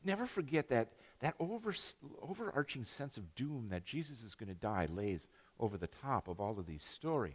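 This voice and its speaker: A man's voice: mid-range voice, very animated, moderate pace, breathy edge, long reverb tail. An older man preaching a sermon as pastor, telling stories with many restarts and self-deprecating jokes. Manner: rambling storytelling with many restarts and asides. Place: church sanctuary.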